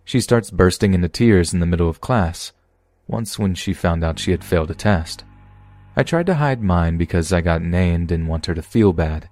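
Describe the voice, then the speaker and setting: A man narrating a submitted first-person story in a steady, measured podcast reading. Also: low-pitched, dry recording. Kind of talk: scripted horror story narration.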